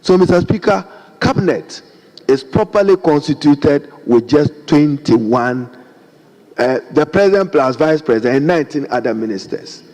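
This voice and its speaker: A man's voice: on the high side, lively intonation, normal speed, darkish tone. A middle-aged man with a Ghanaian accent giving a formal, emphatic speech in a parliamentary debate, repeatedly addressing the Speaker. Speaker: member of parliament. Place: large parliament chamber. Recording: long chamber reverb, faint background noise.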